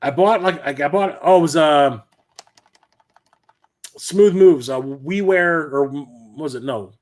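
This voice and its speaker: In his relaxed livestream chat, a middle-aged host spins loose, meandering stories, often starting sentences over. He has a higher-pitched voice and speaks slowly.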